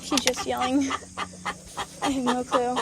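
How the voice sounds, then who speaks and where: A woman's voice: high-pitched, little pitch movement, measured pace, very noisy. A young woman vlogging outdoors at a chicken coop, talking to the camera she holds and coaxing her hens in a chatty, sing-song way. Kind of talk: casual vlog narration. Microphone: handheld camera.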